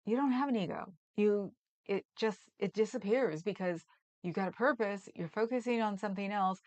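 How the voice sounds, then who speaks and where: A woman's voice: mid-range voice, normal speed, darkish tone, muffled recording. A woman hosting a livestream, chatting casually and rambling with frequent laughs. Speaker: livestream host. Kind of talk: casual chat reading comments.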